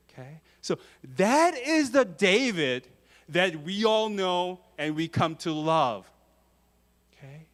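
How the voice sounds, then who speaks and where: A man gives a children's sermon in church, asking the kids questions as he goes. His voice sits high and swings widely up and down. He speaks slowly and with emphasis. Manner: lively, questions the kids often. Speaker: preacher.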